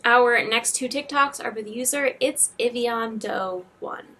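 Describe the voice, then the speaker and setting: A woman's voice: on the high side, measured pace, bright, forceful tone. A woman hosting a video, giving chatty, enthusiastic commentary between clips. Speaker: host. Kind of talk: casual commentary.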